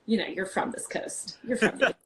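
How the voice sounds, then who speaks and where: A woman in her forties from New York talks through a video-call interview in a chatty, animated way. She piles on quick asides and fillers, and her pitch stays in a middle range for a woman. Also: rough recording. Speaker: guest, wine podcast host. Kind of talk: casual interview chat.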